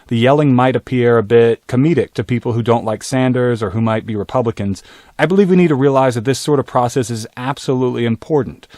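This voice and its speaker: Male commentator, steady scripted voice-over, mid pitch. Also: no echo. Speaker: video commentator.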